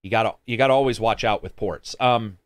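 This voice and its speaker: A man's voice: on the low side, fairly quick, no echo. Sarcastic man reading chat, dry sound. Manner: rambling, swears freely, sarcastic asides. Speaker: stream co-host reading viewer comments. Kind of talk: casual gaming chat.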